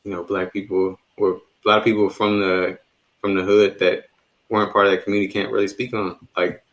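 Low-voiced, relaxed man from D.C. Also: brisk, poor audio. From Washington, D.C. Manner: relaxed, reflective, many "you know" fillers. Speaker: podcast co-host. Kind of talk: casual conversation.

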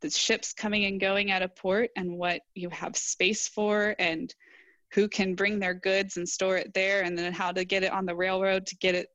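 A woman's voice: medium pitch, flat delivery, moderate pace, fairly bright tone, no echo. A young adult woman engineer, a podcast guest, answering earnestly and reflectively in casual interview talk. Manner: earnest, reflective, quotes herself in dialogue.

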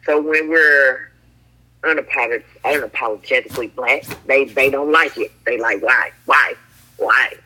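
A woman guest on a podcast talks in a very bright, sharp voice. She is frank and opinionated, and she speeds up when driving a point home. The tone stays a relaxed, casual chat. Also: very deep voice, normal speed, a little hiss or hum, rough recording.

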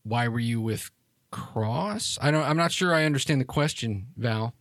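A man's voice: medium pitch, expressive, moderate pace, a bit bright, dry recording, clean studio sound. A man playing a glib, bitter long-lost sister. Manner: casual, offhand, swearing.

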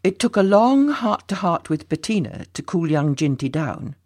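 A narrator reading a children's storybook aloud in a gently expressive way. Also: mid-range voice, moderate pace, no room sound, studio quality.

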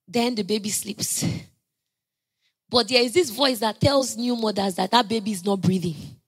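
A woman preaching a sermon, telling stories conversationally and building to loud, emphatic proclamations. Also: fairly high pitch, moderate pace, husky. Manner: conversational storytelling with playful asides.

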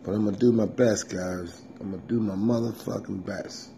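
A man's voice: fairly low pitch, fairly even intonation, normal speed, vocal fry, mellow, a little hiss or hum. A man, a comedian hosting his own podcast, talking in a loose, rambling monologue from his home kitchen and swearing constantly. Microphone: simple home setup, self-recorded.

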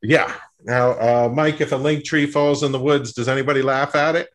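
Male co-host doing halting plugs. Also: medium pitch, steady tone. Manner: halting, filler-heavy. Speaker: comedy show co-host. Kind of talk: casual plugs and banter.

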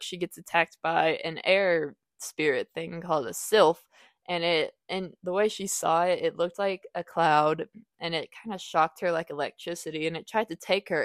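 Chatty woman rambling through a book review. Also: dry recording. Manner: rambling, self-correcting, acts out quoted lines in a higher voice. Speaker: podcast host reviewing a book. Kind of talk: casual book review chat.

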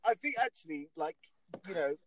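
A man's voice: fairly high pitch, lively intonation, fairly bright tone, poor audio. A young English man co-hosting a podcast, telling stories in casual sweary banter with lots of fillers and laughter. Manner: laughing, fast-talking storyteller with lots of fillers. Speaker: podcast co-host.

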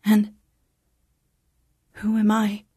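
A woman's voice: medium pitch, monotone, very slow, dark tone, slightly rough, no echo, clean studio sound. A woman voicing a tense young woman, the pilot's partner, asking tight, upset questions. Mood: anxious.

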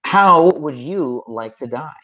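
A man hosting a casual podcast, reading questions briskly with quick playful quips, over a remote call. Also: on the high side, animated, pushed and bright, lo-fi sound. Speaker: podcast host asking questions.

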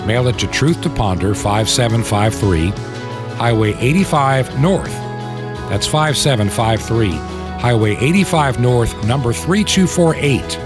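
A man's voice: mid-range voice, expressive, measured pace, music in the background. A man hosting a Christian radio program, asking listeners for help and carefully repeating an address and email. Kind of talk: on-air appeal for listener support.

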